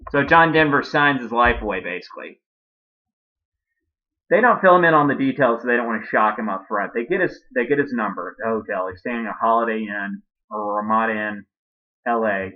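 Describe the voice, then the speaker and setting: A man's voice: mid-range voice, fairly quick. Man telling a rambling comic story. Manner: rambling, offhand, with crude asides. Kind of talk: comedic storytelling. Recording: dull lo-fi recording.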